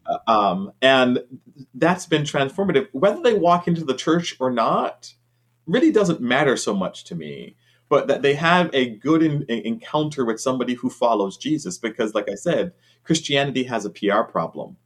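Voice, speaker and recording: Earnest bishop talking about faith. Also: male voice, medium pitch, very animated, moderate pace. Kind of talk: conversational interview answers.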